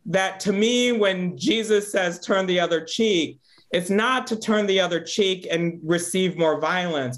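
A man's voice: high voice, fairly bright tone. A man hosting a reflective interview, speaking earnestly and searchingly, often tagging his thoughts with "right?". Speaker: host.

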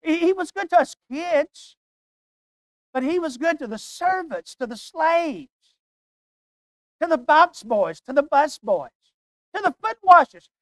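A man's voice: very high voice, very animated, unhurried, pauses often, a bit bright, no echo, voice pushed up, full character voice, low-quality recording. A man voicing a starving young prodigal son who wistfully remembers his father's home. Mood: remembering.

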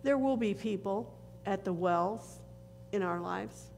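A woman pastor from the northern United States preaches slowly and earnestly, letting dramatic pauses add weight between lines. Her mid-range voice is creaky and a little mellow, echoing through a church sanctuary with a long reverberant tail over a faint hum of noise.

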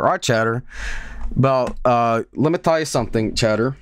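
Lively rambling streamer guy. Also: mid-range voice, normal speed, pauses often. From Sweden. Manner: rambling, jokey, swears often, laughs a lot. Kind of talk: casual livestream chat.

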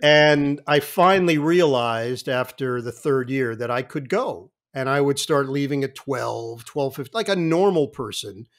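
A sportscaster in his fifties, a guest on an interview show, telling vivid, animated stories. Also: medium pitch, unhurried, hardly any pauses. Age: 50s. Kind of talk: anecdotal interview talk.

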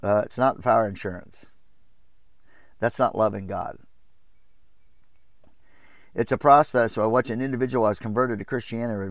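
A man preaching an informal Bible study from his RV, impassioned and quick to mock opposing views in a raised voice. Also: no room sound, studio quality. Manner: impassioned, jumps into mocking high voices to quote others.

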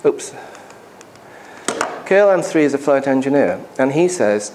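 A man's voice: mid-range voice, animated, measured pace, darkish tone, a little hiss or hum. A man, an airline pilot, giving a conversational and emphatic conference presentation in a hall, with asides to the audience.

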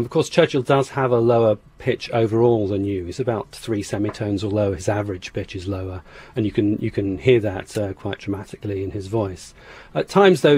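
A man's voice: lowish voice, a little mellow, husky. A man, a phonetics expert, explaining in an interview, hesitant with restarts and easy laughs.

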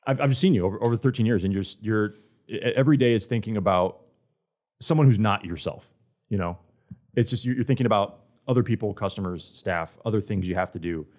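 A man interviewing a colleague on a podcast, friendly and relaxed, asking questions with small fillers. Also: lowish voice, brisk.

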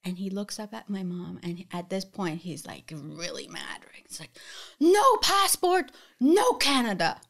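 A middle-aged woman from the Middle East, a guest telling her personal story in an interview, animated and often picking the thread back up with "so anyways". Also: on the low side, normal speed, creaky, few pauses, slightly rough. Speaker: guest, florist and talk show host.

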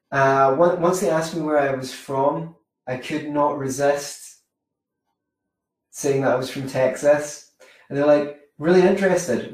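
A man's voice: mid-range voice, darkish tone. A man coaching on social skills in a chatty, rambling way, telling anecdotes and correcting himself as he goes. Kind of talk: informal teaching monologue. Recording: very echoey room, mic far off.

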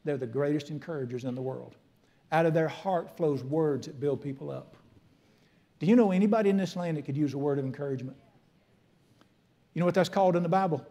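A man's voice: on the high side, brisk, pauses often, mellow. A middle-aged man, preaching a folksy, emphatic sermon as a pastor in a church. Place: church sanctuary.

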